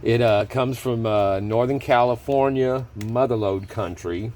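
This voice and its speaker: Sitting at his table at home, a man hosts a gold prospecting hobby video and chats casually. His mid-range voice is a little slow and mellow. He rambles, corrects himself, and chuckles often.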